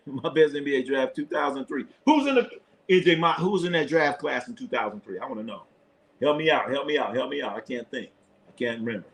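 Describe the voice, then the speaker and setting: Guy doing live sports talk on his stream, blunt, swears a lot, laughs a bunch, mid-pitched voice. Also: a little fast, vocal fry. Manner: animated, laughing, blunt and profane. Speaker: sports show host. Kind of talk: live sports commentary and chat.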